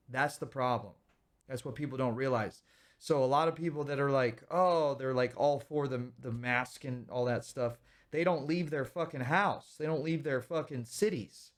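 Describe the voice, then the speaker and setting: A man's voice: fairly high pitch, a little fast. A man in his thirties ranting heatedly and profanely on a livestream, stopping to thank viewers. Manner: thanks viewers for donations mid-rant. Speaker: streamer reacting to videos. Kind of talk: casual livestream rant.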